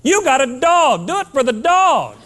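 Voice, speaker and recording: A man's voice: extremely high pitch, big pitch swings, moderate pace, fairly bright tone. A man giving a blunt, fired-up motivational keynote to a live audience, scolding and hammering points with repetition.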